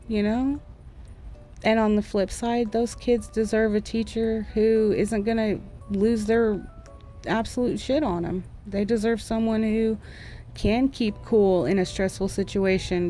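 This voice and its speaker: A woman's voice: mid-range voice, warm tone. A young woman, a former school teacher, chatting candidly and at length about her frustrations in a casual art vlog. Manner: frank, rambling, frustrated venting. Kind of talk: candid casual chat over drawing. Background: faint background music.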